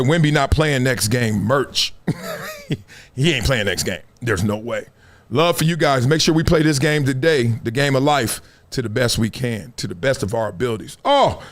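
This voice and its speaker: A middle-aged man hosting a live stream tells his story in animated, slangy, casual talk. His voice is set slightly high, and he speaks directly to his viewers.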